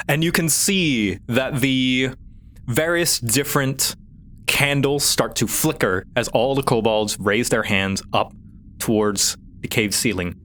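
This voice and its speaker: A man's voice: mid-range voice, slow, a bit bright. A man narrating a tabletop game as its game master, describing scenes loosely with many hesitations.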